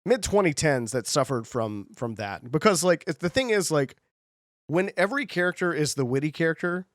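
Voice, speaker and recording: A man co-hosts a podcast with a fairly high, sing-song voice at a normal pace, rambling through casual chat full of fillers and restarts. The recording is dry and studio quality.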